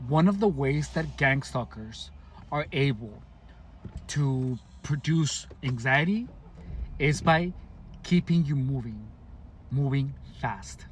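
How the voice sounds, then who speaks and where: Halting man telling a personal story. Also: medium pitch, expressive, slight background noise. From Mexicali, Mexico. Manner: halting, many restarts and fillers, deliberate enunciation. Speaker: vlogger. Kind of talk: casual personal account to camera.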